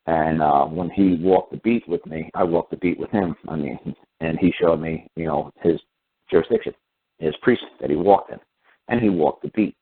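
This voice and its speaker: A man's voice: extremely low pitch, normal speed, slightly rough. A middle-aged man hosting a radio talk show, telling stories bluntly and often repeating and restarting himself. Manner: blunt storytelling with frequent repetition and restarts. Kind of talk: casual call-in radio talk. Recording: tinny phone-line audio.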